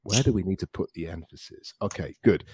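A man hosting a podcast English lesson, encouraging his student and repeating words slowly to practise pronunciation. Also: deep voice, dark tone, breathy edge, no echo, clean studio sound. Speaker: English teacher and podcast host.

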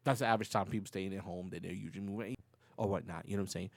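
A man's voice: sits low, very fast, gravelly, no room sound. A middle-aged man from the Bronx with a New York accent, telling stories in casual talk that gets heated. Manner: animated, heated when acting out stories.

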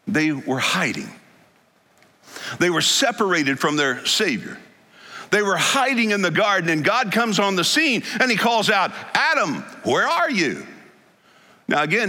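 A man's voice: high-pitched, bright, forceful tone. A man preaching a sermon in a church sanctuary, in an emphatic style that stresses single words. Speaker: pastor. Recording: long hall reverb.

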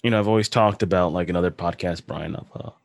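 A man's voice: sits low, quick pace, vocal fry, dry recording, studio quality. A man hosting a podcast in casual chat, telling stories animatedly, laughing often and swearing. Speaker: podcast host.

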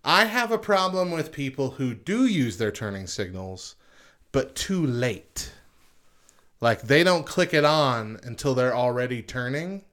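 A man co-hosts a casual podcast, laughing often and swapping gripes with his partner. His pitch moves a lot as he tells his story with mounting exasperation. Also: lively intonation, unhurried, a bit bright. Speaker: podcast co-host. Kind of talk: casual chat.

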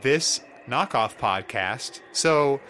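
Brief: bright, expressive young male co-host, jokey and profane, close studio mic. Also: medium pitch, very slow, a little hiss or hum. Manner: joking, animated, swears freely. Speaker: podcast co-host. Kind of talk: casual podcast banter. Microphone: studio podcast mic.

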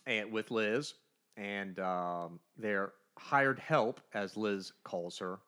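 Bright, animated man recapping comics. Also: on the low side, very slow, smooth. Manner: animated storyteller, briefly voicing characters. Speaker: podcast co-host. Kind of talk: casual comic book recap.

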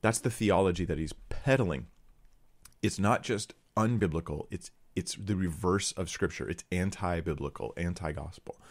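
A man's voice: low-pitched, normal speed. A man giving blunt, sarcastic Bible commentary to his viewers, reading verses and critiquing a teaching.

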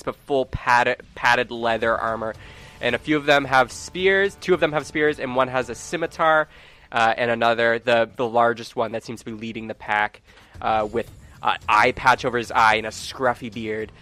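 A man's voice: medium pitch, pushed and bright, clean tone. A young man narrating a tabletop game as game master, often laughing and using fillers.

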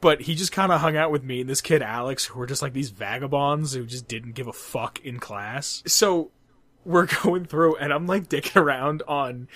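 A man's voice: mid-range voice, moderate pace, fairly bright tone, no echo. A young man co-hosting a podcast, telling a long school story in casual chat, rambling and cursing and laughing at his own jokes. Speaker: podcast co-host.

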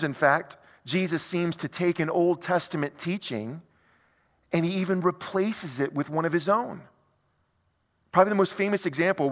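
A male pastor preaching a sermon in a conversational, animated way, full of rhetorical questions. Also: a little high, big-room sound.

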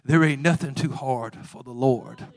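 A man preaching a sermon, moving from quiet storytelling to loud, fervent exhortation with folksy phrasing. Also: medium pitch, moderate pace.

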